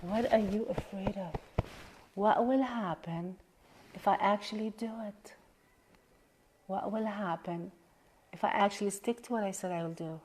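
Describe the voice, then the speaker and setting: A woman's voice: medium pitch, measured pace, long pauses, slight background noise. Earnest woman coach repeating affirmations. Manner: earnest, repeats affirmations and questions, drops to a soft hush. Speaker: life coach. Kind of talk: live coaching session guiding a tapping exercise.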